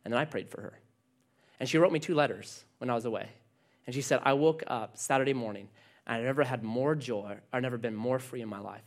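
A man's voice: mid-range voice, fast talker. A man preaching a sermon, telling a story with quoted dialogue in an earnest manner. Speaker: pastor.

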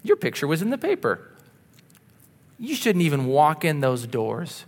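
Sly male tempter done by a preacher, soft and persuasive, slightly raised voice, echo of a big hall. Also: fairly high pitch, huge pitch swings, unhurried, exaggerated voice. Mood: dismissive. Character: sly male devil tempter, coaxing and dismissive.

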